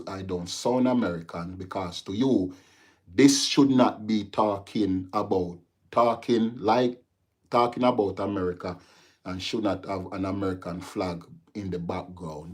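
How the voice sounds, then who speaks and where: Deep and darkish with a breathy edge, this Jamaican man's voice carries his casual livestream, where he answers viewer comments face to face with the audience. Before long he gets heated and lectures them.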